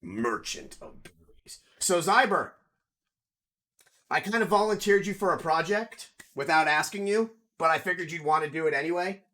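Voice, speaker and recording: A man streaming a video game from home, chatting casually with viewers, excitable and swearing freely, breaking into loud outcries. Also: high voice, normal speed. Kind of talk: casual live-stream chat.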